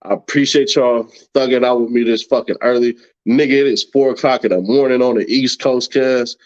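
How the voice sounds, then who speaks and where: A man's voice: medium pitch, steady tone, fairly quick, darkish tone. A man hosting a late-night livestream, ranting profanely and mockingly at critics, laughing often. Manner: brash, mocking, laughs a lot. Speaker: livestream host. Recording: dull lo-fi stream audio.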